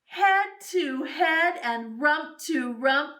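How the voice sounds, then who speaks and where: A woman reading a picture book aloud for children in an animated, sing-song way, making animal sounds along the way. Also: sits high, extremely slow, recorded from a distance. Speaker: children's storyteller.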